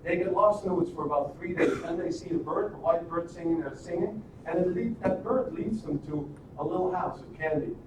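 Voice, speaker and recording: High-voiced man talking in an echoey room. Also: a little fast, few pauses. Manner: animated, rambling, with frequent restarts and rhetorical questions. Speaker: live stream host. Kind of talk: casual storytelling and motivational talk. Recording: echoey room, distant mic, noisy.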